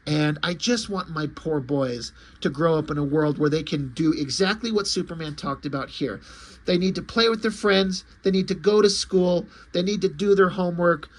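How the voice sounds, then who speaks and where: Husky, high-voiced man recapping comics. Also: normal speed. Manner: animated, emphatic, casual swearing. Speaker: comic book reviewer.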